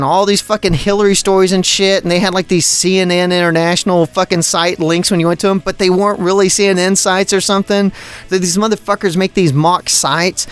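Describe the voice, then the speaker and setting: Swearing, ranting podcast host, smooth voice. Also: male voice, high voice. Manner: rambling, swears constantly, exasperated rants. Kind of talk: profane casual storytelling.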